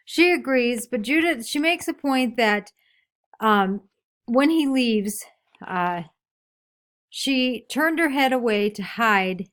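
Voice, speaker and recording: A woman's voice: a little high, a bit bright. A woman teacher reading passages from a novel and asking her class questions about them. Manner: asks many questions, pausing for answers; reads book passages aloud, then explains. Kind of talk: classroom read-aloud with discussion questions.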